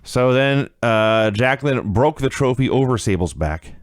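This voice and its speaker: A man co-hosting a casual podcast, recapping wrestling with sarcastic, animated commentary. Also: medium pitch, measured pace, clear, resonant tone, dry recording, studio quality. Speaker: podcast co-host reviewing wrestling.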